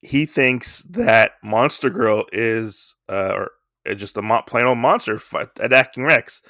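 A man's voice: mid-range voice, unhurried, sharp tone, dry recording, clean studio sound. A young man casually retelling a comic story in a rambling way, with many fillers. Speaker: comic book reviewer. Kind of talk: casual chat.

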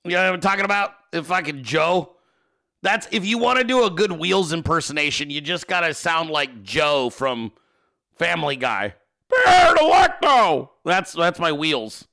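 A man hosting a podcast, talking in casual, excitable commentary, swearing often and laughing a lot. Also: fairly high pitch, normal speed, gravelly. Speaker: podcast host.

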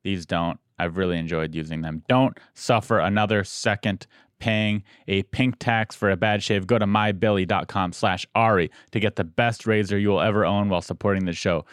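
Smooth low-voiced man reading an ad. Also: steady tone, moderate pace, dry recording, studio quality. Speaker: podcast host. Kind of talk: read ad and casual banter.

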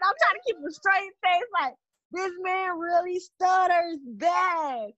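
A woman telling dating stories in a casual chat with friends, animated and laughing often. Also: very high voice, slow, no room sound, dull audio.

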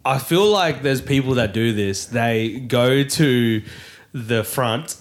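A man's voice: medium pitch, slow pace. Co-host, man, stuffy nose, easygoing slangy chatter. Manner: laid-back, slangy, animated storytelling. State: congested, nasal. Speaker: podcast co-host. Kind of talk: casual chat.

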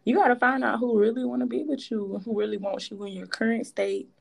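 A woman with co-hosting a casual chat, animated and slangy, laughing often. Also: a little high, a little fast, gravelly.

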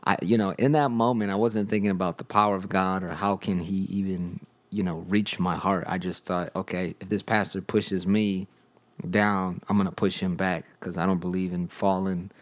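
Young guy w a really low voice, casual testimony podcast, lots of um and you know. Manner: conversational storytelling with many fillers. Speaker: podcast host sharing his testimony.

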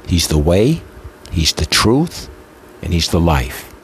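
A man preaching with a low voice that swings widely up and down as he builds his points through repetition. His delivery is impassioned and emotional. A faint noise sits under the recording. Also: sing-song, slow. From Italian heritage. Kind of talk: sermon.

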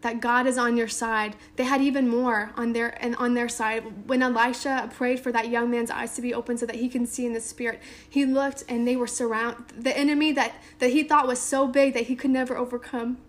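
A woman's voice: fairly high pitch, level tone, a little fast, hardly any pauses. A woman giving a casual Bible teaching to a small group, reading scripture aloud and then retelling it in everyday talk with lots of "like" and "um". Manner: conversational, lots of "like" and "um"; reads scripture aloud then paraphrases informally.

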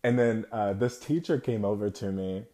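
A young man from the United States telling a personal story to his viewers, candid and reflective, with halting, broken-off phrasing. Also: lowish voice, dark tone. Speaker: vlogger.

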